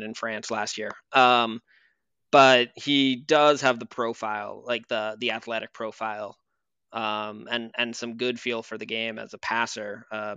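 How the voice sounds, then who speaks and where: Male podcast co-host, crisp bright voice, dry booth sound, relaxed rambling basketball talk. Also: medium pitch, no room sound. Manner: conversational with frequent fillers and restarts. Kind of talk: casual basketball chat.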